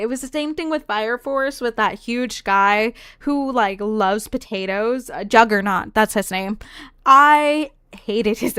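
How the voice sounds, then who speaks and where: Young woman from the American South, streamer doing casual gameplay commentary; higher-pitched, smooth clear voice, dry close sound, chatty and rambling. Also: a bit bright, no echo. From Southern United States. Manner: chatty and rambling, often trailing off and restarting.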